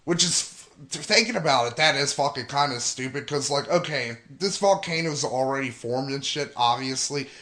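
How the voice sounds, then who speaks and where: A man's voice: medium pitch, lively intonation, moderate pace, hardly any pauses, pushed and bright. A young man with an ordinary mid-range voice, talking casually as he recaps a film preview. He swears constantly and works himself up into exasperated rants. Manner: profane, ranting, heavy swearing. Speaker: gaming and movie vlogger.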